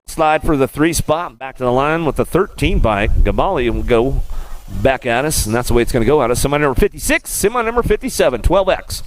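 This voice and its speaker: A man calling BMX races live as track announcer, rattling off rider names in a rapid, rhythmic play-by-play and repeating stock phrases. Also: mid-range voice, expressive. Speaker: race announcer. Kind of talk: live race commentary.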